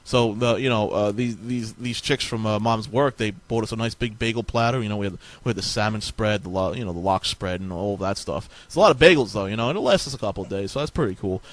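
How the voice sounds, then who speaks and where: A man's voice: lowish voice, fast, few pauses. A man telling improvised, absurd stories in a rambling, profane way.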